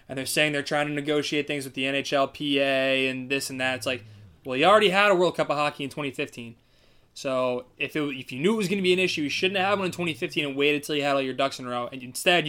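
Man, smooth clear voice, casual sports podcast co-host, blunt and profane. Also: mid-range voice, pushed and bright. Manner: swears freely, fast ranting.

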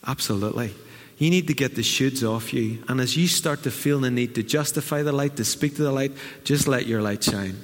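A middle-aged man preaching from the pulpit, mid-pitched and earnest. He slips into lively acted asides as he speaks. His voice rings out with a long reverb in a church hall. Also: fairly quick. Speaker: pastor. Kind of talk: sermon.

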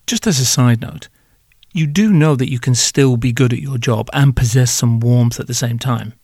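A man's voice: medium pitch, normal speed, a little mellow, breathy edge, no echo, clean studio sound. A man hosting a podcast, delivering advice to hospitality workers in a joking, sardonic, irreverent monologue.

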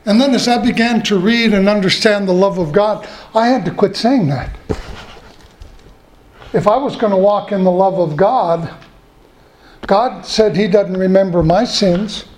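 A middle-aged man preaching a sermon in a folksy way, slowing down to repeat key points. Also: high-pitched, a little mellow, a little hiss or hum. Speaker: pastor. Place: church. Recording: echoey church room.

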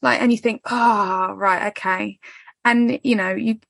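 A woman's voice: mid-range voice, fairly even intonation, measured pace, vocal fry, a bit bright, dry recording. Candid woman podcast host. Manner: candid, swears freely, acts out quoted voices. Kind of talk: casual podcast chat.

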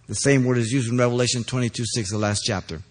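A man preaching an expository sermon, stressing key phrases loudly and then dropping low, pausing to ask listeners if they are following. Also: fairly even intonation. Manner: asks the congregation checking questions.

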